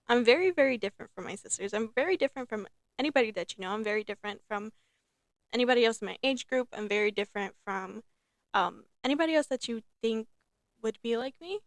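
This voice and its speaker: A young woman hosting her own podcast in casual, rambling talk, repeating herself and filling pauses with um and like. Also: on the high side, no echo. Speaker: podcast host. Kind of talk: casual solo podcast chat.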